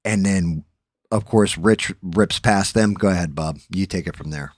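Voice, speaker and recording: Middle-aged male host, low voice, dry close sound, profane casual storyteller. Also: measured pace, no echo. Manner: profane, rambling, loud laughs. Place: home streaming setup.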